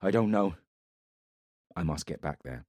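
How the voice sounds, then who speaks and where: A man's voice: deep voice, animated, measured pace, a little mellow, no room sound. A man voicing a young male warrior in an audiobook, terse and urgent.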